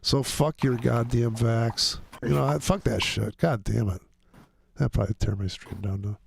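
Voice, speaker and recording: A man's voice: mid-range voice, steady tone, normal speed, gravelly, a little hiss or hum. A man hosting a livestream trading show, talking in crude, rambling, profane casual chat.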